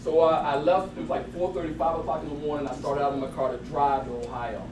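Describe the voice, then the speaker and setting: A man giving a lively motivational talk to a live audience, telling stories and laughing as he goes. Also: a little high, fast talker, noisy background. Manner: animated, laughing storyteller. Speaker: motivational speaker. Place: event hall with audience. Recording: roomy, distant mic with crowd.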